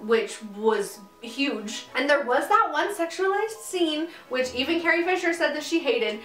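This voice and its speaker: A woman's voice: high voice, lively intonation, a little slow, fairly bright tone. A young woman vlogging in casual chat to camera, giggling often and filling her talk with "like" and "um". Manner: chatty, giggly, many fillers. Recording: echoey room, mic at a distance, music underneath.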